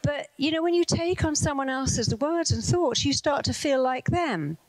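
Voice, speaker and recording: A woman's voice: high voice, moderate pace, dry recording, rough recording. A woman with a British accent giving a motivational talk as a therapist, telling anecdotes and acting out the voices of the people in them. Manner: animated storyteller who acts out quoted voices. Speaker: therapist and speaker.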